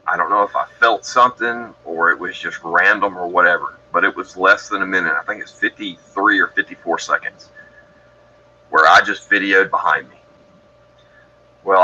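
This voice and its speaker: A man's voice: sits low, pushed and bright, husky, lo-fi sound. A man from Georgia in the US, telling his story as a podcast guest in a rambling, matter-of-fact way that keeps correcting itself. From Georgia, USA. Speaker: guest describing encounters.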